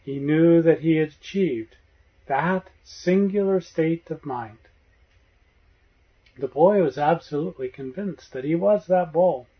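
Man telling a gentle spiritual parable, lo-fi. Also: fairly high pitch, unhurried. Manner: gentle storytelling, acts out voices in the tale. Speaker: spiritual teacher. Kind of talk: meditation talk with parable. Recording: dull lo-fi recording.

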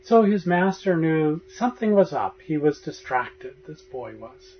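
A man giving a meditation talk as a spiritual teacher, telling a parable in a gentle storytelling manner and acting out the voices in it. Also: on the high side, sing-song, unhurried, slight background noise. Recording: dull lo-fi recording.

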